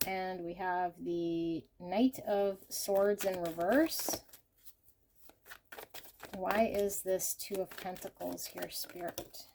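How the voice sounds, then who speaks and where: A woman giving an intuitive tarot reading, gentle and effusive, often exclaiming in delight as she talks while laying out cards. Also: lowish voice, steady tone, slow, gravelly, noisy background. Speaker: tarot reader.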